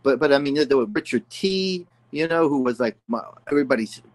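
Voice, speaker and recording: Older guy rambling thru music stories, lots of you know, talks in a middle-pitched voice. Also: expressive, brisk. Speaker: guest musician. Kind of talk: casual storytelling interview.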